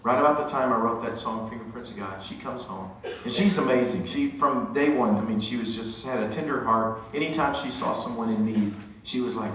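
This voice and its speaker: A middle-aged singer-songwriter telling an animated, joking story to a concert audience between songs. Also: male voice, mid-range voice, a little fast, slight background noise. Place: theater stage. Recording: echoey hall recording from far off.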